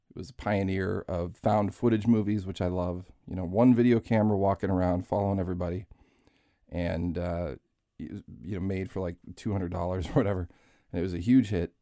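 Rambling, mellow-voiced podcast host man. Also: lowish voice, dry recording, studio quality. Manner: rambling, chatty, swears, self-deprecating. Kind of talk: casual podcast monologue.

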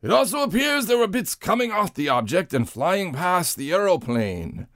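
A man's voice: high-pitched, very animated, normal speed, fairly bright tone, no echo, studio quality, voice pushed up. A man voicing a prim male astronomer with an odd, stiff, lofty accent while reading quotes on a podcast.

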